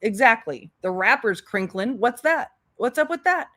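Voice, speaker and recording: A commentary YouTuber with a rather high, expressive, fairly bright voice talks at normal speed over clips. She's blunt and sarcastic, addressing the person she's criticizing directly.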